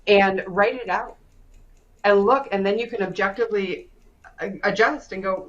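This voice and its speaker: A woman coach speaking in an online session, telling stories with lively quoted dialogue. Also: medium pitch, normal speed, lo-fi sound. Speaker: stress coach and guest speaker. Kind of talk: animated storytelling in an online session.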